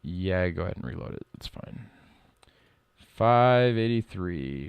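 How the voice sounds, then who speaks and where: A middle-aged man streaming live code work, reading lines aloud and thinking out loud in a casual way. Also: deep voice, expressive, takes it slowly, gravelly, clear, resonant tone, dry recording, dull audio. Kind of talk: casual live-coding commentary.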